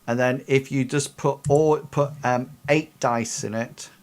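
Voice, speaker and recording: A man's voice: mid-range voice, fairly even intonation, measured pace. A man acting as game master for a tabletop role-playing game. He narrates the scene loosely, padding his sentences with ums and "sort of, like" as he goes. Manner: rambling, filler-heavy narration.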